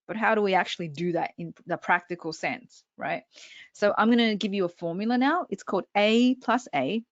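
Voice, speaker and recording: A public speaking coach presents an online workshop, addressing her audience directly and checking in with them often. Her voice is medium-pitched and brisk, and the lo-fi recording has no echo.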